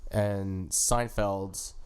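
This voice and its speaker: A man's voice: deep voice, fairly even intonation, drawn-out words, darkish tone, smooth. A man co-hosting a podcast in casual chat, full of teasing, jokey banter. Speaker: podcast co-host.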